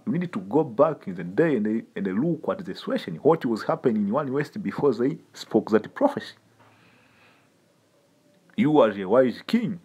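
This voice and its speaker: Husky, animated male street preacher. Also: medium pitch. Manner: emphatic, repetitive, streetwise, addresses listeners as man. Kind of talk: informal sermon teaching.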